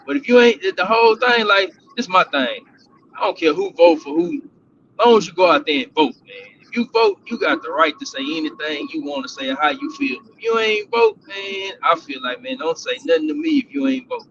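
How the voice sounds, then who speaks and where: A man in his forties calling in, talking in an animated, emphatic way with many restarts. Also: a little high, fairly quick, recorded from a distance, lo-fi sound, a little hiss or hum. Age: 40s. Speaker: guest caller. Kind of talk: casual chat.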